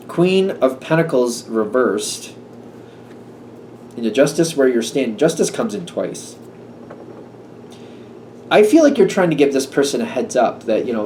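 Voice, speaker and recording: Mellow-voiced man musing through a tarot reading. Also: medium pitch, sing-song, measured pace, pauses often. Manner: musing, hesitant, full of fillers and restarts. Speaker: tarot reader. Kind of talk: casual tarot reading monologue. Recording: slightly distant mic with faint room noise.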